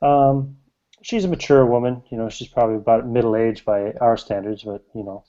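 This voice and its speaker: A man narrating as game master of a tabletop game, halting with many fillers. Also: medium pitch, mellow. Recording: slightly muffled lo-fi recording.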